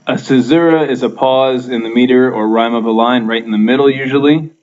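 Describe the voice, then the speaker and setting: A man teaching a recorded lesson over slides, counting out stresses slowly, with frequent fillers and restarts. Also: medium pitch, a little mellow, lo-fi sound.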